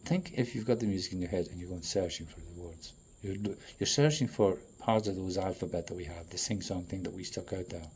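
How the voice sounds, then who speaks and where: A man in a profane, rambling monologue that swings between loud outbursts and low muttering. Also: fairly quick, hardly any pauses, a little hiss or hum. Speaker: traveling performer.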